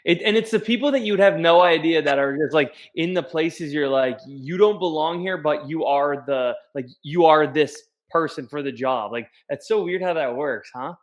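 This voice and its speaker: A man's voice: on the high side, normal speed, hardly any pauses. A man hosting a casual interview, reacting with enthusiasm and loose filler words. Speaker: podcast host.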